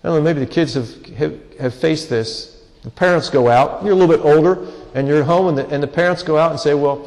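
A man's voice: a little high, a little mellow. Earnest man preaching in a reverberant hall. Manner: earnest, pleading emphasis with drawn-out pauses. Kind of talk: sermon.

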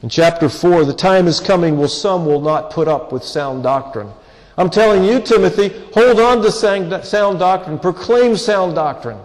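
A man's voice: sits high, lively intonation. Earnest man preaching in a reverberant hall. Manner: earnest, pleading emphasis with drawn-out pauses. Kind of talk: sermon.

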